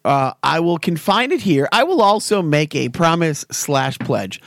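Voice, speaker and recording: A man's voice: a little high, expressive, measured pace, few pauses, dry recording. Man, podcast co-host, rambling, restarts, dry close mic. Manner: rambling, many restarts and fillers. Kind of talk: casual chat.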